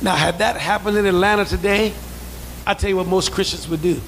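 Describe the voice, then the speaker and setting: Male pastor, high gravelly voice, call-and-response sermon, faint hiss behind. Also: brisk, low-quality recording. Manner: preaching with call-and-response, building to shouts; acts out quoted voices in asides. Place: church sanctuary.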